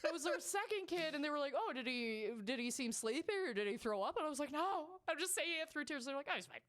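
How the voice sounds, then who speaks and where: Animated woman telling a story. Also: high voice, fast. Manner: animated storytelling, swears, laughs often. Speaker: podcast co-host. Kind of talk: casual chat.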